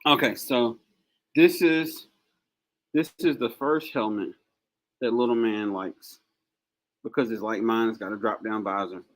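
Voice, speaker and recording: A man hosting a motivational live stream in casual chat, animated and joking, laughing often. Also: fairly low pitch, measured pace, long pauses, no room sound, poor audio.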